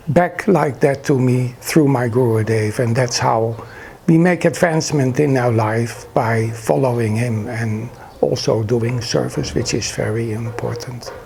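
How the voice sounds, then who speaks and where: A man's voice: mid-range voice, unhurried, gravelly, a little mellow, slight background noise. A man earnestly recalling his spiritual teacher in a devout, reverent way. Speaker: disciple sharing memories. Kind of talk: reverent personal reminiscence.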